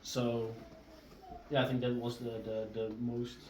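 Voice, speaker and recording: A young man from the Netherlands, a native Dutch speaker, answering interview questions in a halting way with many fillers and restarts. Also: medium pitch, little pitch movement, darkish tone. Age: young adult. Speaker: exchange student guest. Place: home during a live blog-cast. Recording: roomy sound from a distance.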